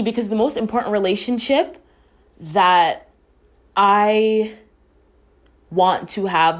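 Taking it slowly with long pauses, a young female podcast host reflects earnestly on personal matters in a medium-pitched voice. She swears casually and at moments grows emotional, close to tears.

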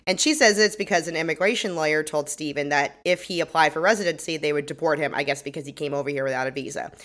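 A woman with a fairly low voice chats casually as a podcast co-host. She recaps a crime show with animated energy, breaking into laughs and playing out the characters' lines. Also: fast.

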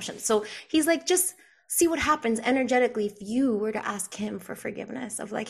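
A woman, a podcast guest telling a personal story in an animated way and acting out the dialogue. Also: on the high side, fairly quick, gravelly, breathy edge. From the Bronx, New York. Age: 40s. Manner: animated, acts out quoted dialogue, frequent "like".

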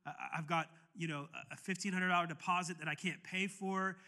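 Man, pastor, sermon, very bright voice, slightly high, halting storytelling, fervent preaching. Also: steady tone. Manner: conversational storytelling with many restarts, building to impassioned shouting. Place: church sanctuary.

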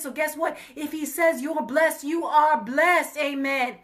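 A woman's voice: sits high, measured pace, hardly any pauses. A woman ministering in a fervent online sermon, greeting viewers by name and repeating amen and hallelujah.

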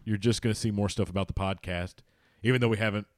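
A man's voice: lowish voice, steady tone, quick pace, a little mellow, no room sound, studio quality. A man co-hosting a casual sports podcast, loose and rambling, swearing freely. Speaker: podcast co-host.

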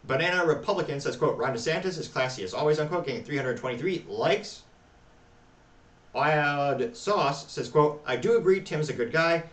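A man hosting a talk show, reading social media replies aloud with wry, deadpan asides. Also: on the high side, normal speed, roomy sound, distant mic. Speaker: podcast host.

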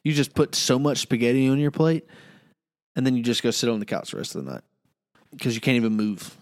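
A man's voice: medium pitch, fairly quick, no room sound, studio quality. A young man co-hosting a casual podcast, teasing and joking with his co-host. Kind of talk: casual chat.

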